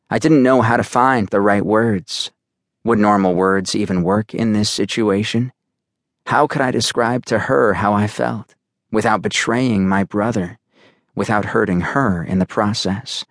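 A man with a lowish voice narrates a first-person audiobook in a slow, measured way, with dramatic weight. The studio sound is dry and close-miked. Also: steady tone, no room sound. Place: recording studio. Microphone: close studio mic.

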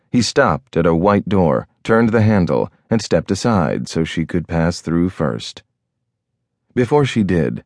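A man narrating a thriller audiobook in a measured, storytelling manner. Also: sits low, darkish tone, dry recording, clean studio sound. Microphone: close studio mic.

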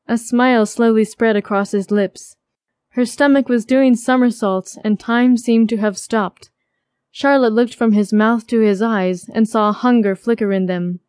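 A woman narrating a romance audiobook with steady, even storytelling. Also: fairly high pitch, unhurried, smooth, no room sound, studio quality. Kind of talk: scripted narration.

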